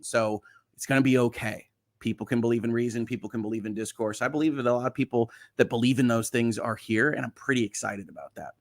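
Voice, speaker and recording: With a mid-range, fairly bright voice, a middle-aged man hosts a relaxed livestream. He reads viewers' comments, chats and offers reassurance, and laughs a lot along the way.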